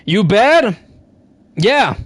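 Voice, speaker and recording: A man's voice: sits high, sing-song, very slow, slightly rough, dry recording. A young man streaming a game, chatting casually with his chat, sarcastic and swearing freely. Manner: sarcastic, profane, talks to chat. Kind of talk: casual gaming stream commentary.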